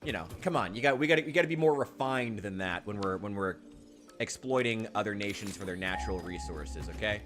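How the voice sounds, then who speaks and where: A man casually commenting while playing a game, rambling and sarcastic, now and then yelling in panic. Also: lowish voice, fairly quick. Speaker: gaming channel host. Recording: game music loud behind.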